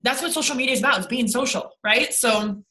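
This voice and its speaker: A woman's voice: on the high side, fast, bright, forceful tone, low-quality recording. A young woman leading her sales team over a video call, blunt and rambling, with lots of swearing and fillers.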